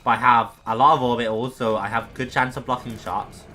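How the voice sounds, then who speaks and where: A man's voice: medium pitch, fairly even intonation, a little fast, pushed and bright, a little hiss or hum. A young man casually commenting on his own gameplay, chatty and self-deprecating as he talks himself through a boss fight. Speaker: gaming streamer.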